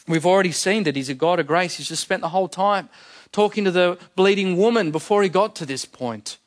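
A man preaching a sermon with a somewhat high voice. He explains scripture plainly, as if chatting with the congregation, and leans on repeated phrases to drive points home. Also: fairly quick. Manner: emphatic, repeats key phrases for effect.

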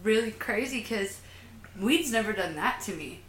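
A woman's voice: mid-range voice, expressive, moderate pace, a bit bright. A woman telling a story in casual group chat, acting out her own quotes with animation. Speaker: guest. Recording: echoey room, faint noise.

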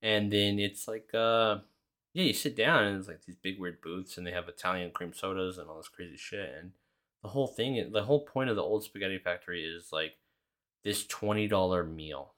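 Young male podcast host, low voice with a bright, pushy edge, casual and sweary. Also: moderate pace. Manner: rambling, heavy swearing, lots of fillers. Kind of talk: casual solo chat.

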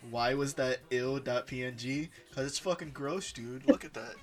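A young man co-hosting a casual podcast, relaxed and laughing, with crude jokes. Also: mid-range voice, moderate pace, faint music behind. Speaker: podcast co-host. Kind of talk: casual chat.

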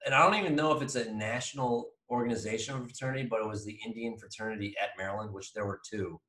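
A man in his thirties, co-hosting a casual podcast, telling a rambling, animated story full of restarts. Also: on the low side, quick pace, distant mic, a little hiss or hum. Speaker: podcast co-host. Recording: echoey room, voice off-mic.

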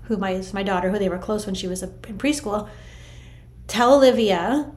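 A middle-aged woman telling viewers a personal spiritual story in a chatty, animated way, full of "like" and "I'm like". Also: medium pitch, quick pace. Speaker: vlogger sharing a spiritual story.

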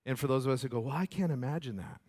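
A man preaching a sermon as pastor, animated and often repeating words. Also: mid-range voice, racing.

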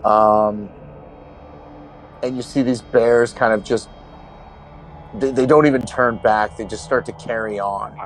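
A man narrating a tabletop game as game master, casual and halting with frequent restarts. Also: lowish voice, steady tone, slight background noise, low-quality recording.

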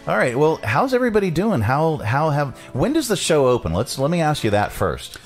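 A man's voice: fairly high pitch, wildly swooping pitch, a little fast, faint music behind. A man hosting a radio talk show, chatty and full of filler "uh"s, also reading sponsor ads. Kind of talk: casual radio talk and ad reads.

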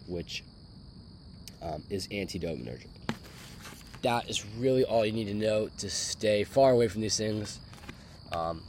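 A man's voice: low-pitched, a little hiss or hum. A young man with a sick voice, rambling dismissively through a solo podcast rant and repeating his words. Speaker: podcast host.

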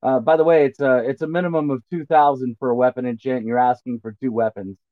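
A man's voice: medium pitch, steady tone, fast talker, dry recording. A man running a tabletop game as game master, talking in a casual, laid-back way. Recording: muffled phone-like line.

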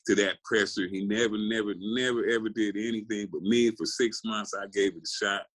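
A man's voice: fairly low pitch, steady tone, fairly quick, a bit bright, low-quality recording. A man in his sixties from California, a guest telling rambling, profane stories in casual interview chat.

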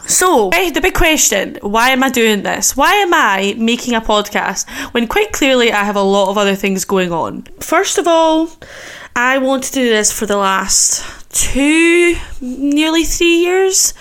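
A woman's voice: on the high side, expressive, a little slow, fairly bright tone. A chatty, giggly woman of twenty-five, hosting a solo podcast and nervously poking fun at herself. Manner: chatty, giggly, self-mocking. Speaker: podcast host.

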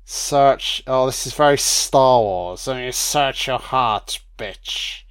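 A man's voice: mid-range voice, slow pace, few pauses, smooth. A man giving profane, sardonic film commentary, full of swearing and mocking asides on a close microphone.

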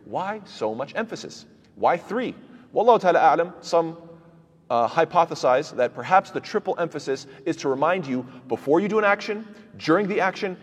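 A man's voice: medium pitch, husky, big-room sound. A man teaching a Quran commentary lecture, asking rhetorical questions and answering them himself, with recited verses in between.

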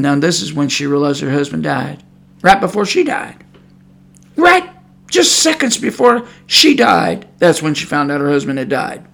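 A male preacher delivers a podcast sermon in a high, bright voice, fiery and scolding as he drives each point home. His speech is loose and colloquial, full of rhetorical questions aimed straight at the listener. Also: big pitch swings, slow pace, gravelly.

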